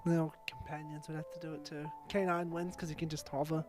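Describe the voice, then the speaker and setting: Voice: medium pitch, level tone, brisk, over music. A person in casual banter, joining in the jokes with a dry delivery.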